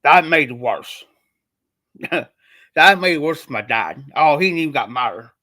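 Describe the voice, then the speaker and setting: This livestream host from Ohio has a somewhat high voice with a sharp tone, lively intonation and a moderate pace. He wanders casually through a personal anecdote, saying things more than once.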